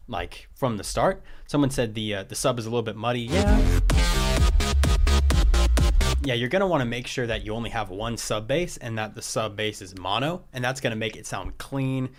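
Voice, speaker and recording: Chill guy reviewing beats on a stream, lots of "like", laughs at himself, music playing low behind him. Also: brisk, few pauses. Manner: relaxed, loose, laughs at himself, many "like" fillers. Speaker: music producer giving track feedback. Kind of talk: casual live-stream critique.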